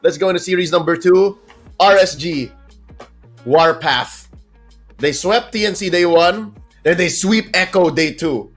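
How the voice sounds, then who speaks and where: A man's voice: high-pitched, measured pace, faint music behind. A man with a Filipino accent hosting an esports recap show, playful and casual, mixing Tagalog into his English. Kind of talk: casual panel chat.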